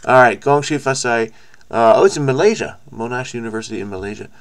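A man's voice: mid-range voice, fast. A man hosting a crossword video, thinking aloud in a frenetic, rambling way, with frequent restarts and stammers. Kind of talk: casual think-aloud commentary.

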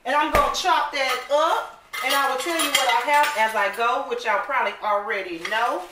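A woman hosting a casual cooking vlog, upbeat and chatty, often calling her viewers "baby" and saying she is excited. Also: sits high. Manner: excited, admits talking fast. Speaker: cooking channel host. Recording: roomy echo, mic at a distance, faint noise.

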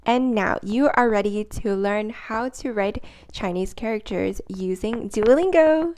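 A woman in a relaxed tutorial voice, taking her time and speaking at an unhurried pace. She rambles a little, leans on fillers, and repeats words for emphasis. Now and then she sounds out syllables and tones slowly and carefully. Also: medium pitch. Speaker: language-learning vlogger. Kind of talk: casual tutorial talk.

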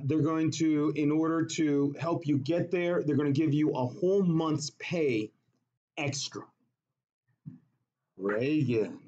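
Male teacher, animated, storytelling lecture, quizzes class, higher voice, dull recording. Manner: animated, jokey, asks the class questions. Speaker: chemistry teacher.

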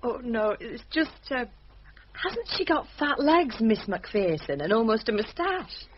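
An actress playing a restless young village wife, guarded and falsely polite. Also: female voice, fairly high pitch, big pitch swings, a little slow, highs cut off, slight background noise.

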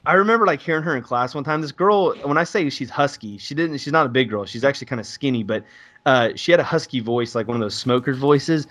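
A man's voice: medium pitch, fast, a bit bright. A young man in casual chat telling crude stories, joking and swearing freely. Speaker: podcast co-host.

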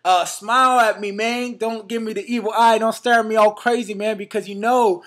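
A man's voice: high voice, fairly even intonation, normal speed, a bit bright. A man vlogging to his fans, hyped and slangy, with a Northern California accent, tossing "man" and "baby" into every line. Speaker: fitness vlogger. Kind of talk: casual vlog to camera.

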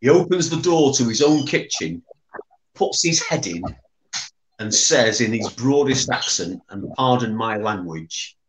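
A man in a mid-range voice recalls old times in a guest chat. He stumbles and repeats words as the memories come back. He tells it as a warm anecdote. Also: mid-range voice, animated, measured pace, reverberant, background noise. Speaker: memorial foundation chairman. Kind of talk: reminiscing anecdote.

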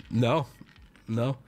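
A man streaming casually and answering his chat, excitable, swearing freely and jumping into loud outbursts. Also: medium pitch. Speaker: streamer opening card packs.

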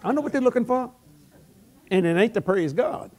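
An older man preaching an evangelism sermon, telling humorous stories in a folksy, animated way and often repeating words. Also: extremely high pitch, brisk.

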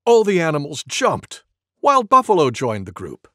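A man reading a storybook aloud to preschoolers in an expressive, playful way. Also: a little high, unhurried, dry recording, studio quality. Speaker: storybook narrator.

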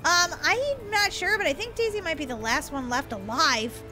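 A woman's voice: extremely high pitch, expressive, moderate pace, sharp tone. A woman playing a game as the villain, chatting playfully, giggling and teasing in a mock-evil way. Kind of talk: playful let's-play chatter. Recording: game music underneath.

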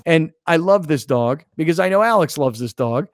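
A man hosting a sports talk radio show, telling a story with excitement and acting out what others said. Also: fairly high pitch, moderate pace, no room sound. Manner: excited storytelling, acts out quoted lines. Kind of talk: casual show banter.

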